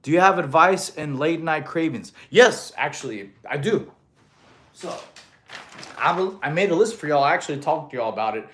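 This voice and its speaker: A man in his thirties, originally from Russia, hosts a casual fitness livestream and answers his viewers' comments one by one. His voice sits a little high for a man. He sounds slightly winded, as if he has just finished a set of exercises. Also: expressive, moderate pace, a bit bright, slight background noise. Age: 30s. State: out of breath after exercise. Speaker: fitness streamer.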